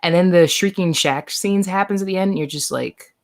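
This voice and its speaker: A woman on a podcast panel, rambling and animated, swearing freely as she chats casually. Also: fairly low pitch, brisk.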